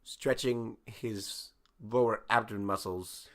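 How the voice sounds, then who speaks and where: A man co-hosting a comedy podcast, improvising a story aloud with halting restarts and fillers. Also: fairly low pitch, steady tone.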